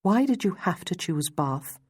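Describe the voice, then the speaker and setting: Prim schoolteacher heroine, clipped, indignant, low voice, read by a woman narrator. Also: sing-song, measured pace, darkish tone, husky, dry recording, clean studio sound, full character voice. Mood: resentful.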